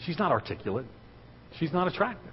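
A man giving a sermon as a guest speaker in a church, telling a story and building to loud, excited preaching. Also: on the high side, fast, slight background noise. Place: church sanctuary. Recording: dull recording in a reverberant hall.

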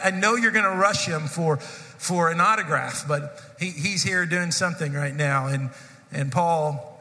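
A man's voice: fairly high pitch, bright, forceful tone. A male pastor, probably in his forties, telling a humorous personal story to his congregation in a sermon. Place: church sanctuary. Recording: long hall reverb.

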